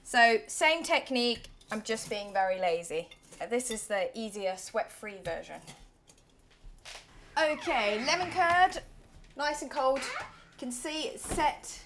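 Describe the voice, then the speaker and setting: Very animated but slow-paced, a woman in her thirties with a fairly high voice hosts a casual kitchen cooking demo over slight background noise. Playful and chatty, she occasionally drops into soft, self-mocking comments.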